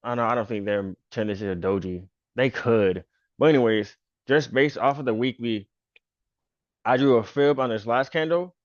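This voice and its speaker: A man's voice: medium pitch, normal speed, dry recording. Guy walking thru stock charts, chill and rambly, kinda muffled dry audio. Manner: loose, filler-heavy talk with "pretty much" and "bro". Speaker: stock trader and channel host. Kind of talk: casual chart walkthrough.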